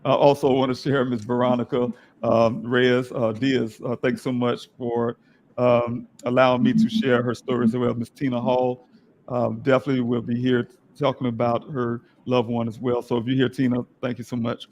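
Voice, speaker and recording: Host for an online event: hoarse middle-aged man, halting delivery, flat pitch. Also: a little hiss or hum. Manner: halting, full of fillers. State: hoarse, losing his voice. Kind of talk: virtual event hosting. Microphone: video call.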